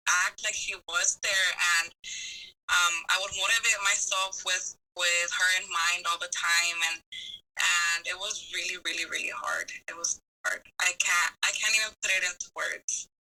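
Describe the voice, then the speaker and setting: A young woman speaks as a podcast guest in soft, heartfelt casual chat, often repeating herself. Her voice is lowish for a woman and very bright and sharp. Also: steady tone, measured pace, poor audio. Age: young adult.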